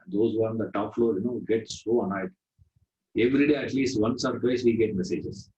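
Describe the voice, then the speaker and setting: A man's voice: on the low side, steady tone, fairly quick, mellow. A man with an Indian accent giving a spiritual discourse, telling stories in a conversational way and often saying "you know". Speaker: spiritual teacher. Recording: roomy, dull lo-fi sound.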